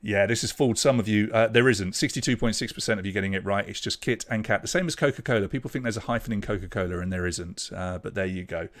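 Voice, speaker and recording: A man's voice: on the low side, quick pace, hardly any pauses. A man hosting an online pub quiz, reading out questions and scores with chatty, jokey asides. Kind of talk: live quiz hosting, casual chat.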